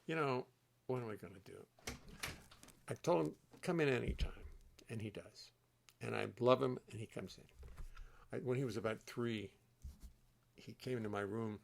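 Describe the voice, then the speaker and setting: This is an older man hosting a relaxed livestream from his home studio. His voice has a gravelly, fry-edged texture, and he rambles warmly from one story to the next. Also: medium pitch, normal speed, pauses often, slight background noise. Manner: rambling, chatty, warm-hearted storytelling. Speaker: host and bassist. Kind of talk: casual livestream chat.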